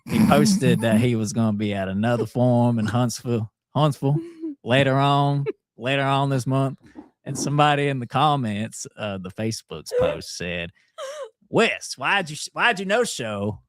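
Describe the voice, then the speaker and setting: A man, co-hosting a political talk show and telling a rumor story in an animated way. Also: mid-range voice, normal speed, no echo, studio quality. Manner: animated storytelling, laughs often. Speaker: co-host.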